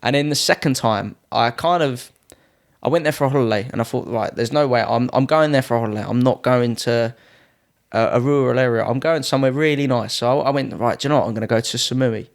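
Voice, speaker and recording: A man's voice: medium pitch, quick pace. A young man in his twenties, a podcast guest telling anecdotes in a casual way and acting out other people's lines in a raised voice. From United Kingdom. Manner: lively, acts out quoted people in a raised voice. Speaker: podcast guest, Muay Thai fighter.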